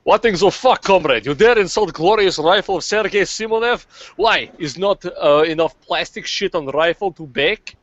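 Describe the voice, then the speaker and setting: A boastful comrade huffing in broken English and a thick fake Russian accent, as a man puts it on. The voice is pushed up high and strained. The sound is dull and lo-fi. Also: moderate pace, hardly any pauses, a bit bright, no echo. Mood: indignant. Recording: dull lo-fi podcast audio.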